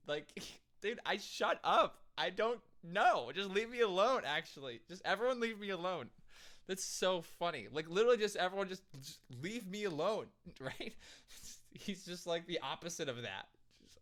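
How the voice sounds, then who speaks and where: A man's voice: on the high side, animated, normal speed, a bit bright. An amused man from the United States giving casual reaction commentary, laughing often and chatting loosely with plenty of fillers. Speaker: reaction video host.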